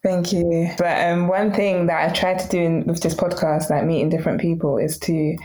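A British woman hosts a podcast conversation. She asks her questions curiously and a little tentatively. Her voice sits low. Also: steady tone, moderate pace, mellow. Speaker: podcast host. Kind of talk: conversational interview.

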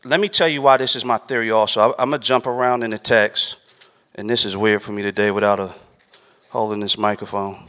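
A man's voice: on the low side, fairly even intonation, fairly quick, pushed and bright. A man giving a conversational sermon, checking in with listeners and repeating scripture lines. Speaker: preacher. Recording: long hall reverb.

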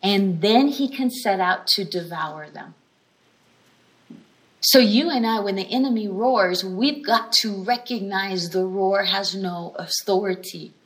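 Woman teaching a lively sermon. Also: medium pitch, measured pace. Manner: animated storytelling with repeated emphatic phrases; frequent restarts and brief laughs. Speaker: healing school teacher.

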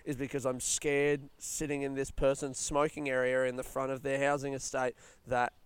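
A young Australian man hosting a casual solo podcast outdoors, rambling through stories in a chatty, rushed way. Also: medium pitch, little pitch movement, clean tone, no echo. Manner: rambling, chatty, retelling stories with quoted voices. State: yawning, a bit rushed. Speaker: podcast host. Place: outdoors in a smoking area by a housing estate.

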